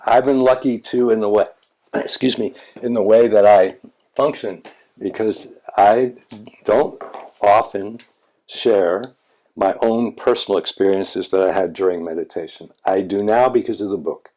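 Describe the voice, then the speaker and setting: Low-voiced older man, frank storyteller. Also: unhurried, mellow. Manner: frank, blunt, occasionally profane, repeats words when restarting. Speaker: meditation teacher. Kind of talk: reflective conversational storytelling.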